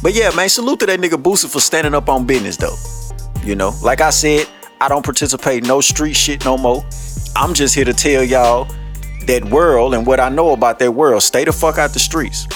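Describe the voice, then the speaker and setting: A man's voice: medium pitch, expressive, fairly quick, faint music behind. A man hosting a podcast, ranting blunt, profane commentary and laughing often. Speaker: podcast host.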